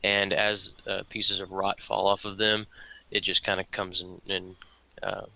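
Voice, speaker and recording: A man narrating as dungeon master for a tabletop game, hesitant with many pauses and fillers. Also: low voice, monotone, gravelly, sharp tone, no room sound, rough recording. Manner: hesitant, many ums and uhs.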